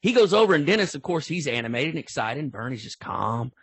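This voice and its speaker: A man's voice: a little high, very animated, fast, slightly rough, no room sound. An older man, a football official telling stories in a folksy, rambling way with many restarts. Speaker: football official, guest speaker. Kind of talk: storytelling in an online training talk.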